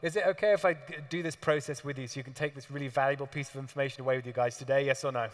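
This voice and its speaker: A man telling a casual, animated story to a seminar audience. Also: medium pitch, racing, in a large hall. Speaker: trading educator speaking at a seminar. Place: seminar hall.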